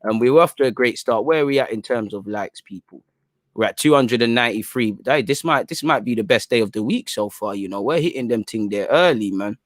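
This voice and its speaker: A young man hosting a livestream, talking in animated, slangy casual banter. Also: mid-range voice, a little fast, dry recording, clean studio sound. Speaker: fan channel livestream host.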